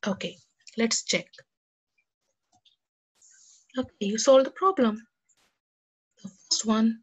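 A husky, highish female voice carries a sing-song lilt, moving a little slowly with frequent pauses. The woman is giving young children a lesson and a story, talking to them directly and cheerfully.

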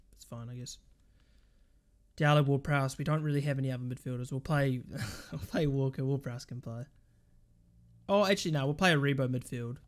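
A man commentating his football video game, swearing and shouting at the play. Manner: swears and shouts at the game, pitch jumps high in frustration. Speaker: gaming channel host. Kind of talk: live gameplay commentary.

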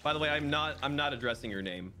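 A man's voice: fairly high pitch, lively intonation, quick pace, sharp tone, faint music behind. A man playing a survival game with friends, bossy and teasing in casual chat. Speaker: co-streamer.

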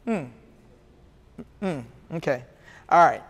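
A man's voice: high voice, fast talker, fairly bright tone, long reverb tail. A male pastor preaching a sermon, reading scripture and then riffing casually, calling the congregation to repeat phrases. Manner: call-and-response, has the congregation repeat phrases; reads scripture then riffs in casual slang.

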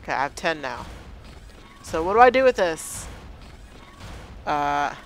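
High-voiced, unhurried gamer man muttering. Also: sing-song, fairly bright tone, a little hiss or hum. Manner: hesitant, muttering to himself while figuring out controls. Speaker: gameplay commentator. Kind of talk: let's play commentary.

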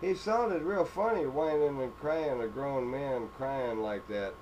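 A man's voice: mid-range voice, measured pace, a little mellow, dull audio. A man from upstate New York chatting on CB radio, drawing out his call signs and sign-offs. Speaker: CB radio operator. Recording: noisy radio recording with clicks.

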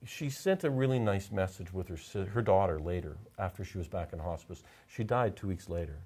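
Deep-voiced man telling a heartfelt story. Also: darkish tone, husky. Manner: halting, repeats words, emotional. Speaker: portrait photographer, interview guest. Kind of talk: casual interview storytelling.

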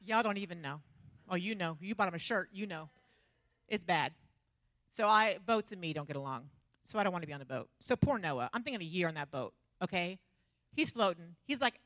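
Lady preacher, bright sharp voice, dry close sound, jokey and lively. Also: mid-range voice, brisk, pauses often, dry recording. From Texas. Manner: animated, self-mocking storytelling with frequent laughter. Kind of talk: humorous sermon.

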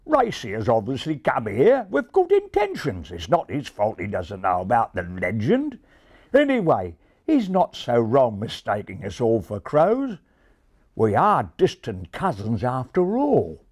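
A man's voice: mid-range voice, huge pitch swings, unhurried, darkish tone, breathy edge, full character voice. A man voicing a stern, fair-minded raven who scolds the others indignantly, in a storybook reading.

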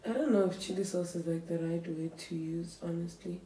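A young woman from South Africa talks to her camera in a relaxed home vlog, thinking aloud and sounding a little nervous. Her voice sits low and mellow, and she speaks slowly. The room around her echoes. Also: slight background noise. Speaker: beauty vlogger. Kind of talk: casual vlog chat to camera.

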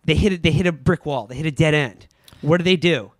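A man co-hosting a comedy podcast, sarcastically recapping a film with animated storytelling. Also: a little high, fairly quick, dry recording. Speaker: podcast co-host. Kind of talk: comedic casual movie recap.

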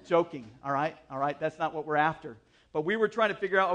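A man preaching a sermon as the church's pastor, telling a personal story in a chatty, animated way with asides and self-deprecating jokes. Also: fairly high pitch, brisk. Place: church service.

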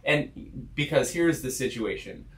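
A man's voice: medium pitch, expressive, a little slow, a bit bright. A male podcast host chatting casually in an upbeat, joking way.

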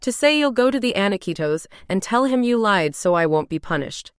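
Audiobook figure: woman reading a snarling, accusing young man, smooth-toned and dry. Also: medium pitch, expressive, fairly quick, dry recording, close to an everyday voice. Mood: resentful. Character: resentful young man, demanding and threatening.

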